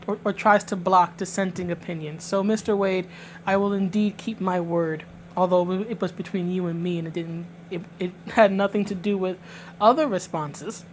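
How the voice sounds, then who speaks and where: A woman's voice: medium pitch, slight background noise. A woman from New York City with a New York accent, giving emphatic, indignant vlog commentary and often restarting her words. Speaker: vlogger. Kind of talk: direct-to-camera commentary.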